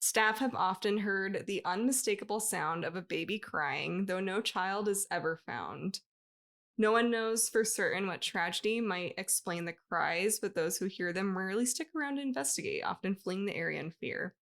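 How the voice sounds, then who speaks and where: With a gravelly, slightly bright voice of medium pitch, a podcast co-host reads a ghost story at normal speed. She keeps it chatty and casual, laughing often as she goes.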